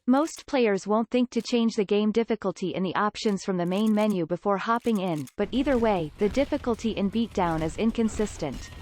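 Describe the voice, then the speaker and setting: A woman's voice: medium pitch, normal speed, few pauses, darkish tone, slight background noise. Woman narrating a game review. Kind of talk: scripted narration.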